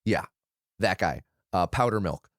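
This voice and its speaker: A man's voice: low voice, animated, measured pace, fairly bright tone, no room sound, clean studio sound. A man co-hosting a film podcast, chatting loosely with lots of restarts and hedges. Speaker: podcast co-host. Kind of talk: casual film discussion.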